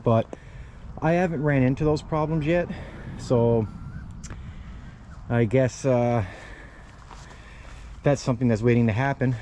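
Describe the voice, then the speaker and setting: A man's voice: medium pitch, measured pace, pauses often, mellow, a little hiss or hum. A man hosting a casual how-to vlog outdoors by a van, talking to viewers as "guys" while he works one-handed with the camera in his other hand, a little out of breath. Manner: chatty, keeps addressing viewers as guys. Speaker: channel host. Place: outdoors beside a parked van. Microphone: handheld camera held while working.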